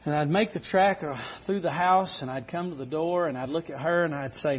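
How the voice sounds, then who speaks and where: A man's voice: on the high side, fairly quick, hardly any pauses, breathy edge. A middle-aged man preaching a sermon, telling a folksy story. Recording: dull lo-fi recording.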